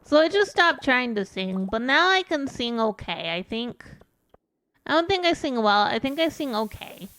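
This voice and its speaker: Chatty woman streamer, fairly high voice. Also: sing-song, moderate pace, a bit bright. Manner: rambling and self-deprecating, with many restarts. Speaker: VTuber streamer. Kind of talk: casual stream chat while gaming. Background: faint background music.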